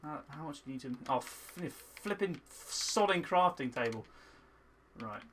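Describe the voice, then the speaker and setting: Excitable man, high lively voice. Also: a little slow, slight background noise. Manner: excitable, swinging between frustrated muttering and loud shouting. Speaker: gaming channel host. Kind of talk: let's play commentary.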